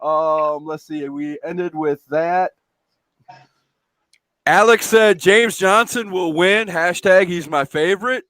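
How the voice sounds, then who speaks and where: Man, show host, chatty, high voice, dry close sound. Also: a bit bright, no echo. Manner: chatty, reads out viewer comments, laughs often. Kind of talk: casual live-stream chat. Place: at home.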